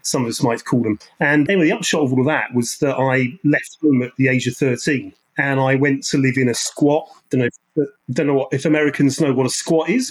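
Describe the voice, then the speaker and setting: Husky London man in his fifties. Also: mid-range voice, low-quality recording. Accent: London English. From London, England. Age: late 50s. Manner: rambling, self-correcting storyteller. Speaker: podcast guest. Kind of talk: casual interview conversation.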